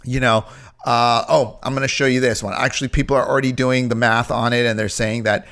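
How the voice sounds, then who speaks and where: A man's voice: mid-range voice, flat delivery, brisk, fairly bright tone. A man giving casual crypto stock commentary, brash and emphatic, often repeating phrases for emphasis. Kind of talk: casual market commentary video.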